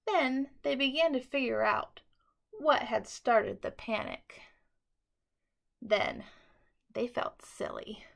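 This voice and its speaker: A woman teacher reading a bedtime story aloud to children in an expressive, dramatic way. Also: mid-range voice, takes it slowly, vocal fry, long pauses.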